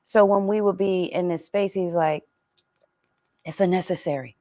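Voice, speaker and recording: Animated woman running a group talk, acts out her folks, pretty dry sound. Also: mid-range voice, normal speed, no echo. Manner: animated, acts out quoted parents. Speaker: community session leader. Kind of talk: live community discussion.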